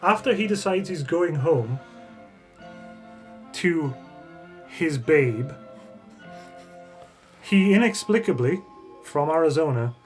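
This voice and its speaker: A man with a slightly high voice recaps a bad movie as a podcast host, sarcastic and swearing freely. He speaks casually, with music playing clearly behind him. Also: animated, slow, pauses often. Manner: sarcastic, swears freely, laughs while retelling scenes.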